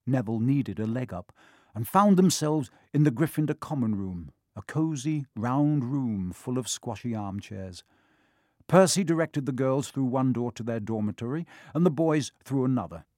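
A man narrating a children's fantasy novel in a steady, expressive audiobook reading. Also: medium pitch, moderate pace, no room sound, studio quality.

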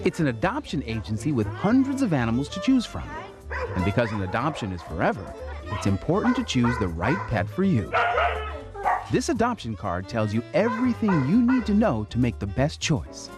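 A man giving clear, informative scripted voice-over narration about a pet shelter. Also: mid-range voice, wildly swooping pitch, normal speed. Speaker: documentary narrator. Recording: loud music playing behind.

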